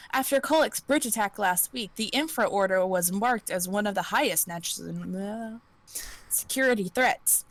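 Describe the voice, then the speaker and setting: A woman's voice: fairly high pitch, a bit bright, no echo. A woman narrating an interactive story game on a live stream, giggling and stumbling over words as she reads. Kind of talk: reading interactive fiction aloud on a live stream.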